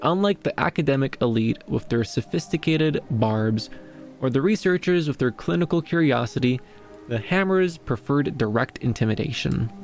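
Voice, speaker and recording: A man reads a fantasy tale aloud at a measured, even pace, now and then restarting a stumbled word. His voice sits at a middle pitch with a gravelly grain. Soft music plays faintly in the background. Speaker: storyteller, streamer. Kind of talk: reading a fantasy story aloud.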